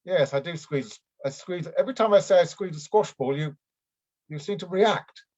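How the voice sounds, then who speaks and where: A man's voice: high voice, moderate pace, darkish tone. A man improvising a bumbling, unfit middle-aged aristocrat who rambles and keeps restarting his sentences, heard over a video call. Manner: rambling, hesitant, full of ums and restarts. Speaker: improv performer. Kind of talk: improvised comedy scene. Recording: dull lo-fi video call audio.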